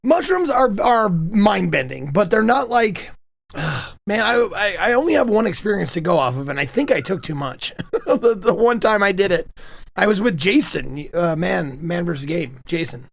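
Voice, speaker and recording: A young man hosting a chat with his mother, telling stories in a casual, animated way and laughing often. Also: sits high, moderate pace, vocal fry, no echo. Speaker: host interviewing his mother.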